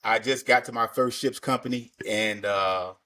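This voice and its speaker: A man's voice: fairly low pitch, moderate pace, sharp tone. A man hosting a podcast in casual interview chat, laid-back and slangy, often repeating words as he gathers his thoughts. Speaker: podcast host.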